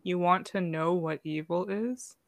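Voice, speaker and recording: A woman's voice: on the low side, a little slow, no room sound. A woman voicing Stacy, a mocking, evil young woman villain, in a taunting manner during a text adventure game. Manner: smug, taunting.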